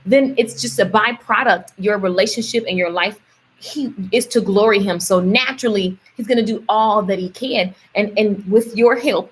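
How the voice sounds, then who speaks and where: A woman's voice: medium pitch, normal speed, breathy edge. A young woman, coaching her audience in a casual motivational livestream, chatty and preachy and repeating words for emphasis.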